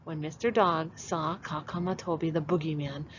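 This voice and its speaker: A kindergarten teacher, a woman, reading a picture book aloud to children and walking them through it in an expressive way. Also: sits low, moderate pace. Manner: expressive, animated read-aloud. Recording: dull lo-fi with faint hiss.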